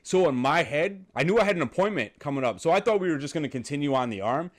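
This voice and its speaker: A man's voice: fairly high pitch, expressive, fast talker. A man hosting a casual podcast chat, telling stories with lots of laughter and easy swearing. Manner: chatty storyteller, laughs a lot, swears casually. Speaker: podcast host.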